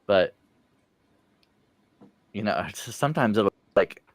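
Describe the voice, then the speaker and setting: Slow low-voiced guy rambling and chuckling, smooth, dry sound. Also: lively intonation, no room sound. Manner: rambling, self-interrupting, chuckling. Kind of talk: casual chat.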